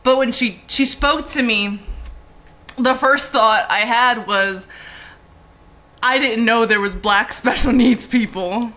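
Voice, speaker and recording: A young woman, a comedian guest, talks in a bright, lively voice set a little high. She giggles often and pushes back on teasing with quick, indignant denials. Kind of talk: casual comedic chat.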